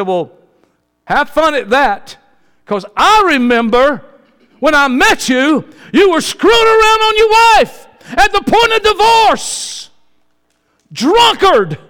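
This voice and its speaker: A male pastor preaching an impassioned sermon, swinging from hushed, low testimony to loud shouting.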